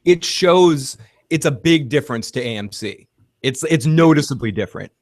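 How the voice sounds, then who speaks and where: A man's voice: on the high side, moderate pace, no echo, clean studio sound. Blunt, profane male show reviewer. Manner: blunt, profane, animated opinions. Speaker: podcast host. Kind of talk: casual TV review chat.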